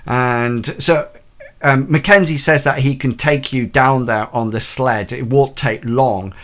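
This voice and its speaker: A man running a tabletop role-playing game, describing scenes in an unhurried, halting way full of ums and false starts. His voice sits at an ordinary middle pitch for a man. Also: a bit bright. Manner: hesitant, full of ums and restarts. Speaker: game master.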